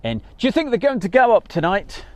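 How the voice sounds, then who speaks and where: A man's voice: high voice, huge pitch swings, brisk, darkish tone. Midlands guy rambling on a live stream, lots of ums, voice goes up and down a lot, outdoors at an airfield. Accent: West Midlands English. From Wolverhampton, England. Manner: rambling and chatty, many fillers. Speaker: airshow livestream host. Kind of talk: casual live-stream chat.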